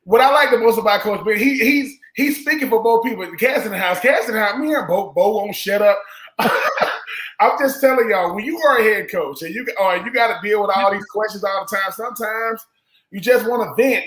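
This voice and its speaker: A man's voice: high-pitched, fairly quick, a bit bright, slight background noise. A man hosting casual sports talk, rambling and acting out quotes in put-on voices. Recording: roomy echo.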